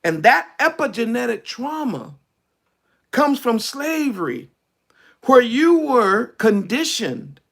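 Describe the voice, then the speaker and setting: A man preaching a conversational sermon, drops his voice low for emphasis. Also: gravelly, a bit bright.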